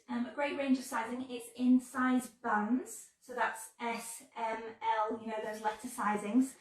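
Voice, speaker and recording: A chatty, upbeat English woman hosts a live sewing tutorial while a little under the weather. Her voice sits fairly high. She sounds set back from the mic in a very echoey room. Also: far from the mic. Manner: chatty and upbeat, greets viewers warmly. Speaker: sewing brand ambassador hosting a live stream.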